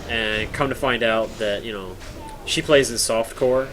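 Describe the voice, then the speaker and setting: A young man streams a game from home, chatting casually at a measured pace in a medium-pitched, fairly bright voice. He rambles from joke to joke, reads chat aloud and answers viewers, over a faint hiss on a low-quality recording.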